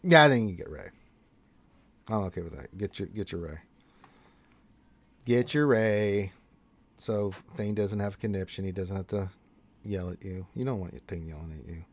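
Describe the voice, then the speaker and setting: A man's voice: deep voice, brisk. A man co-hosting a gaming livestream, giving casual, laid-back advice to viewers and calling them dude and man. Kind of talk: casual chat, reading viewer questions.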